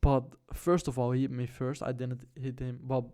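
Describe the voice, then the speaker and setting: A young man telling a story straight to camera in a relaxed vlog. His talk is loose and slangy, full of fillers and quick asides. His voice sits at an ordinary middle pitch. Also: clear, resonant tone. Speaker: vlogger.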